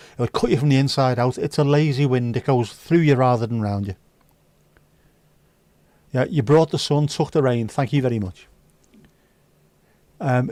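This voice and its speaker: A man's voice: medium pitch, a little mellow, no echo. A man hosting a livestream, reading viewer comments aloud with sweary, jokey banter. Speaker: livestream host. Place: indoors.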